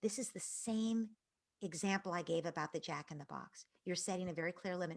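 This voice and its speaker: A woman parenting expert answering audience questions in an earnest, explanatory way, dropping to soft whispers at times. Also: fairly low pitch, brisk.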